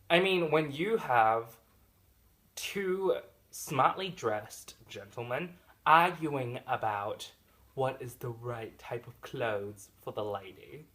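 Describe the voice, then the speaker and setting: A man giving a casual, jokey movie review. He speaks to the actors directly in mock complaint, and his loudness and pitch swing widely.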